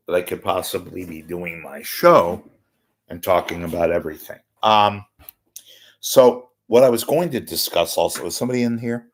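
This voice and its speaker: A man with a very deep, low voice hosts a live talk show on his own. He meanders from story to story, interrupts himself, and drops dry wisecracks in an unhurried, deadpan way. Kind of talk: rambling live solo talk.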